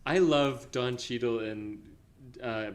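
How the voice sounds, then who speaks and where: A young male podcast co-host in loose, casual film chat. His voice sits at an ordinary mid pitch, and he talks in a rambling, excited way that keeps stalling on fillers and restarting. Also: slow.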